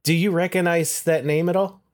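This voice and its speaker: A man's voice: fairly high pitch, fairly even intonation, moderate pace. A man co-hosting a podcast, casually recounting the plot of a TV episode step by step. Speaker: podcast co-host. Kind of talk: casual chat recapping an episode.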